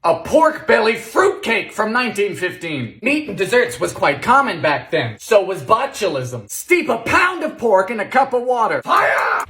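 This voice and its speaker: A man cooks in his home kitchen and quips his way through the recipe, dry and sarcastic one moment and yelling the next ingredient the next. His pitch swings all over, and the room rings with a bright, echoey bounce. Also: moderate pace, hardly any pauses. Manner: sarcastic, deadpan one-liners with sudden shouted ingredient calls. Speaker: host of a cooking video. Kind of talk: comedic vintage-recipe cooking vlog.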